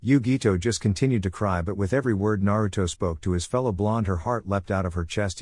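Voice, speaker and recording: A man reads a scripted fan-fiction story in a steady, even way. His voice sits low and is recorded close and dry, with no room sound. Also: a little fast, hardly any pauses, no echo. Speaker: narrator.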